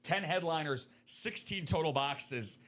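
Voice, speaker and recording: A man hosting a live stream of memorabilia breaks, chatting upbeat and fast as he pitches to viewers. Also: fairly bright tone. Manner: upbeat, chatty, quick patter.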